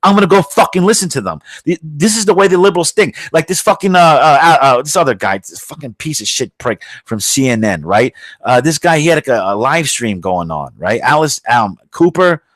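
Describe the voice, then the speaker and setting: A man with a fairly high voice rants heatedly as host of his own podcast. He swears constantly and keeps circling back with restarts and filler. The sound is dry and close, with almost no room around him. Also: expressive, a little fast, fairly bright tone, no room sound. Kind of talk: profane political rant.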